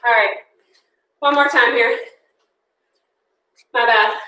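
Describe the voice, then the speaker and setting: A young woman with a voice on the high side and a sharp tone coaches an interval session, slow and fairly even in intonation. Out of breath, she counts down and cheers everyone on with upbeat cues. The room is echoey and the mic distant.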